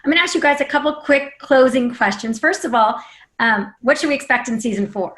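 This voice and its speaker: A woman's voice: high voice, lively intonation, fairly quick, a bit bright. A woman hosting an interview, effusive and full of compliments for her guests. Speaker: interview host.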